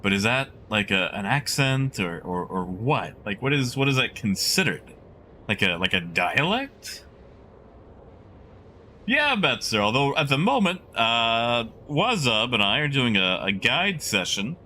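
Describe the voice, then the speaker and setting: Chatty male streamer with a lively, bright voice. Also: medium pitch, a little slow, slight background noise. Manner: rambling, chatty, musing aloud to chat. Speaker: game streamer. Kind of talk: casual live-stream chat.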